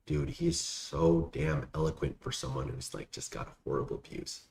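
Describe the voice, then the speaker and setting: Gravelly low-voiced young man, echoey room. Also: wildly swooping pitch, normal speed, a little mellow. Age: young adult. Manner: rambling, slangy, many fillers. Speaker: vlogger answering viewer questions. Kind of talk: casual Q&A chat. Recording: echoey room, faint background noise.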